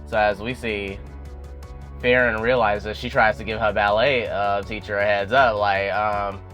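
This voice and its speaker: A man's voice: lowish voice, steady tone, measured pace, a bit bright, soft background music. A young man giving a casual recap of a TV episode. He talks in a chatty way, full of "you know" fillers, and acts out bits of the dialogue. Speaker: YouTube show recapper.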